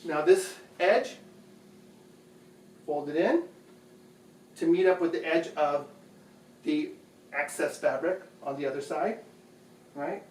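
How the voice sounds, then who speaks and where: A man's voice: on the high side, takes it slowly, pauses often, a little mellow. A man hosting a home video, giving a casual, patient how-to demonstration in a bedroom and repeating his steps as he goes. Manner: chatty, patient, repeats phrases. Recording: echoey room, distant mic.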